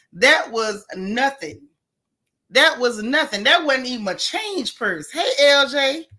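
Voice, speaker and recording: A woman hosting a casual gossip livestream, sassy and animated, talking straight to her chat. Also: fairly high pitch. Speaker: livestream host.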